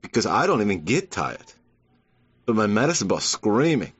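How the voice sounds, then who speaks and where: A man's voice: lowish voice, big pitch swings, moderate pace, a bit bright, slightly rough, no echo, full character voice. A man doing an impression of a tireless, boastful bodybuilder who humble-brags and repeats himself. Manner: repetitive, boastful, humble-bragging. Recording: dull lo-fi.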